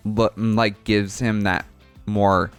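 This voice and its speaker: A man's voice: lowish voice, level tone, slow pace, clear, resonant tone, faint music behind. A man co-hosting a casual talk show, giving blunt opinions with some hesitant restarts. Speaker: co-host.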